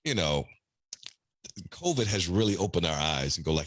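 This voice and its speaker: A middle-aged man with a deep baritone voice, chatting casually as a radio personality guest, laid-back with chuckling asides. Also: big pitch swings, moderate pace, no echo, clean studio sound. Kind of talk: casual interview chat.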